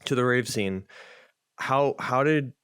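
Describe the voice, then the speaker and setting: A man's voice: medium pitch, slow pace, fairly bright tone, clear, resonant tone, no room sound, studio quality. Chatty man hosting a casual podcast. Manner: enthusiastic reactions and loose chatty asides. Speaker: podcast host.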